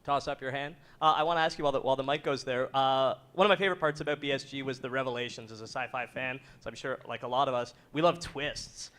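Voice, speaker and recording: A man moderates a fan Q&A at a convention. He keeps things moving briskly and throws in a joke now and then. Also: medium pitch, steady tone, a bit bright. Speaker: panel moderator. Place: convention hall.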